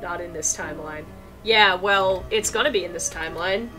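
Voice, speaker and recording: A woman's voice: fairly low pitch, moderate pace, bright, forceful tone, faint music behind. A woman hosting a let's play, joking around in casual commentary and reading the game's text aloud. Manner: playful, jokey, reads game text aloud.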